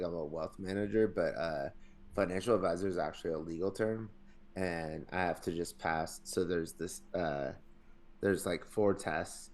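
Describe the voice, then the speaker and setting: A man co-hosting a podcast in casual chat, laid-back and wry, teasing the other host. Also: deep voice.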